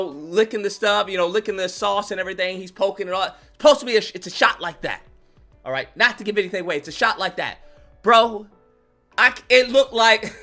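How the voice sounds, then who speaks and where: A man ranting comically about a movie as a YouTube host, slangy and animated, acting out scenes. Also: high-pitched. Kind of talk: comedic movie rant.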